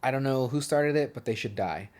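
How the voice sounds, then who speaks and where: A man's voice: medium pitch, fairly quick, darkish tone. A man in his thirties from Southern California, co-hosting a podcast in casual chat and joking with plenty of swearing and tangents. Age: 30s. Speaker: podcast co-host.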